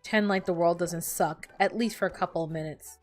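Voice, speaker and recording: A woman's voice: lowish voice, steady tone, a little fast. A young woman streaming a game, chatting casually, laughing often and swearing as she tells stories. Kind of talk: casual gameplay chat. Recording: faint background music.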